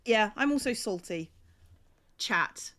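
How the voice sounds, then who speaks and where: A woman's voice: on the high side, lively intonation, bright, forceful tone. A woman with an accent close to received pronunciation, chatting casually on a livestream, laughing often and thanking viewers. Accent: near received pronunciation English. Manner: giggly, quick to laugh. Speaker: streamer and co-host.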